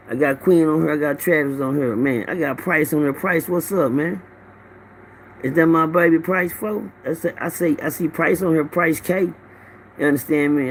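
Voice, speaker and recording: A man's voice: on the high side, a little hiss or hum. A middle-aged man hosting a casual livestream, greeting viewers by name and telling loose, profane stories into his phone. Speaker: livestream host. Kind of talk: casual rambling livestream talk.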